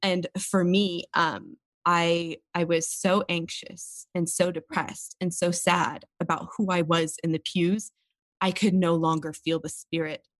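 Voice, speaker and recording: A woman's voice: on the low side, flat delivery, measured pace, dry recording. A woman, an interview guest talking openly and earnestly about personal experiences. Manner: earnest and open, tearful at times. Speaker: podcast guest. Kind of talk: candid interview talk.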